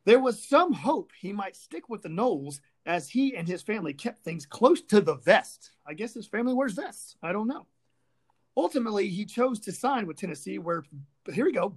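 Lively, fired-up woman ranting about sports. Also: medium pitch, normal speed, husky. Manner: fired-up, sarcastic, profane ranting. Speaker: sports talk host. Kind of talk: ranting sports podcast chat.

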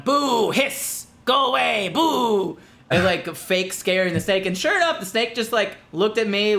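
A man co-hosting a podcast, chatting casually and acting out the voices of people in his stories. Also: sits high. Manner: animated, acts out everyone's voices in his stories. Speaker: podcast co-host. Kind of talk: casual chat, comedic storytelling.

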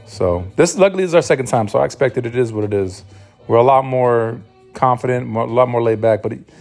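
A man talks on his own in a loose, rambling podcast monologue. He swears freely, restarts his sentences and sounds short on sleep. His voice sits in a middle pitch, with soft music faintly underneath. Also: a little fast. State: sleep-deprived new father. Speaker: podcast host. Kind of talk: casual solo monologue.

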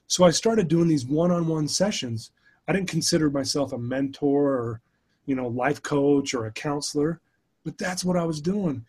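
A middle-aged man, a guest life coach, telling his story in an animated, conversational way during a podcast interview. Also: fairly high pitch, moderate pace, husky. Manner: animated storyteller who addresses the host by name.

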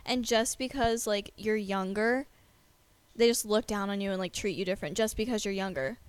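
A woman's voice: medium pitch, normal speed, smooth, dry recording. A young adult woman chatting casually, saying "like" a lot. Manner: casual, reactive, heavy use of "like". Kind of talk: casual chat.

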